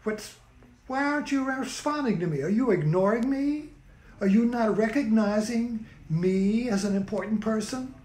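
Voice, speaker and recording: A man's voice: sits high, moderate pace, darkish tone, lightly acted. A man voicing a proud, touchy male rabbit from a folk tale who demands respect, told in a roomy space. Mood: indignant. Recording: roomy echo.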